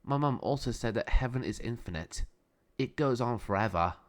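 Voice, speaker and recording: A warm, friendly young man with an easygoing way of talking, as a storyteller plays him. His voice stays at a middle pitch and sounds natural and unforced. He speaks kindly and caringly in a storybook reading. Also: expressive, moderate pace, natural voice. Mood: gentle.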